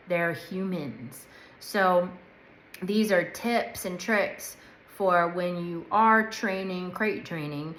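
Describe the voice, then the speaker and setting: A woman's voice: medium pitch, a little hiss or hum. A woman dog trainer giving a casual instructional talk. She talks chattily and checks in often with "right?" and "okay?". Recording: echoey room.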